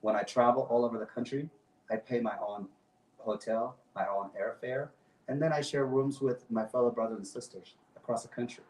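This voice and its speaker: A man's voice: mid-range voice, fairly even intonation, moderate pace, a little mellow, echoey room, recorded from a distance, slight background noise, low-quality recording. A man speaking as a guest on a talk show, passionate and emphatic, often repeating his phrases. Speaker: guest activist. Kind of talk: impassioned talk show speech.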